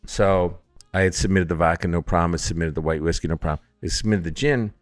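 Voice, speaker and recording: Animated storytelling man, lowish voice. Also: quick pace, soft background music. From Upstate New York. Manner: animated storyteller acting out phone calls in other voices. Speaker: distillery founder, guest. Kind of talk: casual storytelling in a podcast interview.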